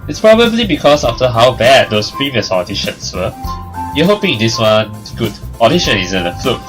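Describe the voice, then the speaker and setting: A man's voice: mid-range voice, big pitch swings, normal speed, a bit bright, low-quality recording. A young man plays through a story game, reading the narration aloud in a mid-range voice and breaking off for sarcastic jokes. Faint music runs under his voice. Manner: joking, sarcastic asides. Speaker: let's play host. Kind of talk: casual let's play, reading narration aloud.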